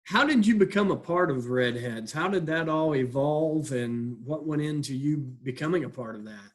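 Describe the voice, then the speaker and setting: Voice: mid-range voice, expressive, moderate pace. An interviewer asking questions and giving brief responses. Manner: brief prompts and frequent laughter.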